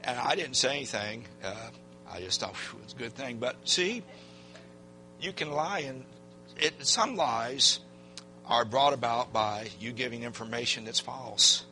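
Soft music sits behind this older pastor, who preaches at a measured pace in a mid-range voice. In folksy, animated fashion, he shares a personal story and voices what people said.

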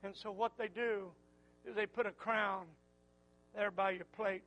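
An older man preaching a sermon, repeating his phrases and swinging from quiet murmurs to loud fervent calls. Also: sits high, steady tone, a little slow, rough recording.

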